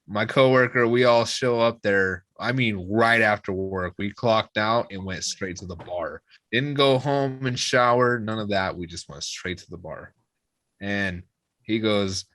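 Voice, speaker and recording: A young musician appearing as a guest casually recounts a rowdy drinking story, swearing freely and doing the voices of the people he quotes. His voice sits on the low side and comes a little slowly, in a dry recording.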